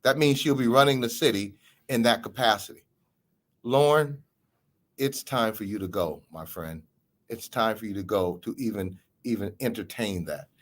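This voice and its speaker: A man hosting a podcast and giving emphatic, theatrical political commentary. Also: moderate pace. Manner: emphatic, theatrical delivery with big pitch swings. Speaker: podcast host.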